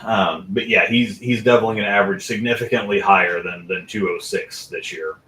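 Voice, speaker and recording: A podcast co-host rambles through a casual chat about bowling, full of restarts and fillers. His voice sits on the low side and comes out a little fast, pushed, and bright, with a roomy echo on the recording.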